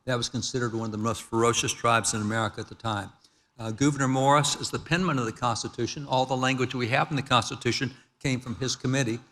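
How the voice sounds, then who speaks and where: At a gala in a large event hall, an older man speaks on history with emphasis, lecture-style, guiding listeners through slides and voicing quotes aloud. He has a medium-pitched, slightly bright voice with a steady tone and a quick pace, and the recording picks up hall reverb from the event PA.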